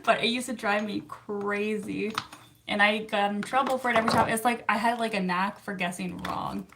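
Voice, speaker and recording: A therapist, chatting casually on a livestream and answering viewer comments with frequent laughs. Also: female voice, mid-range voice, steady tone, normal speed, noisy background. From Canada. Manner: chatty and upbeat, laughs often, self-teasing.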